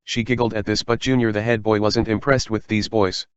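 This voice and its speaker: Man, audiobook narrator; steady even read, dry muffled sound. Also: fairly low pitch, brisk, clear, resonant tone, no echo.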